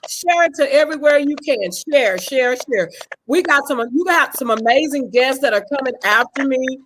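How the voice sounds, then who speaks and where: A woman's voice: high voice, animated, normal speed, a bit bright, a little hiss or hum, low-quality recording. A woman from Fort Worth, talking bluntly and straightforwardly as a guest on a live online interview. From Fort Worth, Texas. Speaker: guest, show founder.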